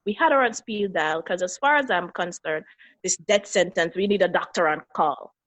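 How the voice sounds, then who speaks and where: A middle-aged woman appearing as a guest on an interview show shares the emotional story of her young son's death, earnestly reliving every moment and speaking in the voices of people she quotes. She talks at a moderate pace in a fairly bright voice on the low side.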